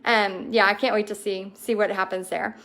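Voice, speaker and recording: A woman's voice: mid-range voice, little pitch movement, moderate pace, a bit bright. A woman hosting a casual livestream, chatting through viewer comments with bubbly enthusiasm and frequent ums. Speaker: host of a paint party business livestream.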